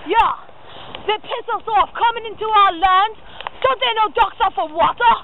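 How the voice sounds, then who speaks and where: A woman's voice: very high voice, normal speed. A woman playing a blustery, out-of-breath male wildlife adventurer with a mock Australian accent, outdoors in a spoof adventure show. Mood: hammy. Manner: hammy, blustery, shouts in alarm. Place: outdoors in hot weather. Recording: tinny lo-fi home video with noise.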